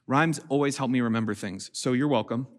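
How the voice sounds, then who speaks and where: A man's voice: medium pitch, brisk. Emphatic man preaching a sermon. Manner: builds to raised, emphatic preaching. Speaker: pastor. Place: church stage.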